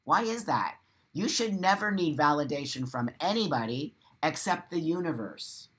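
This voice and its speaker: A man's voice: on the high side, expressive, normal speed, a bit bright, poor audio. An impassioned man hosts a live morning stream and speaks directly to his audience. He talks bluntly and emphatically, with free swearing and repeated lines for stress. He breaks into laughter between points. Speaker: host of a live morning show. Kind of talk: impassioned livestream monologue.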